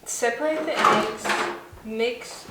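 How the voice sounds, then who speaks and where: A woman's voice: on the high side, takes it slowly. A young woman, talking casually and joking at her own expense while she bakes at home. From Sweden. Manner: rambling, playful and self-mocking. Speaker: home baking vlogger. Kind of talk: casual chat while cooking. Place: home kitchen. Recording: roomy kitchen with background noise.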